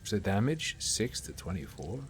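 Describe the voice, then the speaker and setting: A man's voice: deep voice, big pitch swings, moderate pace, music in the background. A man streaming a game live, muttering casual commentary and swearing freely as he plays.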